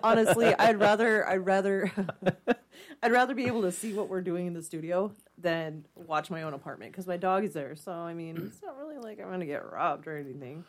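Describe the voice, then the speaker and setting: A woman's voice: fairly low pitch, fairly quick. A woman co-hosting a casual podcast chat, candid and wry, laughing often. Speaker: podcast co-host.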